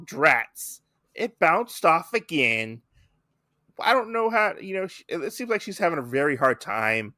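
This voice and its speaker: A man's voice: a little high, no echo, clean studio sound. A man co-hosting a podcast, chatting casually and animatedly about a comic he is reading. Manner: animated, slips into silly character voices. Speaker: podcast co-host.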